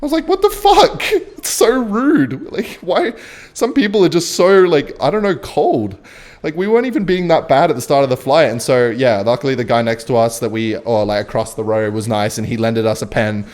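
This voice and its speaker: A gaming streamer, a young man from Western Australia, tells a meandering story full of swearing as he plays, muttering quietly about his moves. His voice is mid-range and his delivery brisk.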